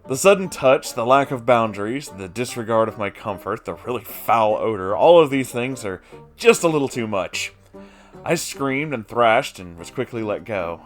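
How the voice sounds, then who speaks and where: A man's voice: lowish voice, moderate pace, faint music behind. A man reading a first-person story aloud, breaking in with wry, swearing side comments. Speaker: story reader.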